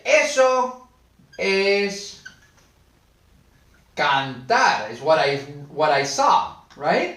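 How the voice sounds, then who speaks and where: A man teaching a live online Spanish class, playful and animated, reading and answering viewers' comments. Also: sits high, roomy sound.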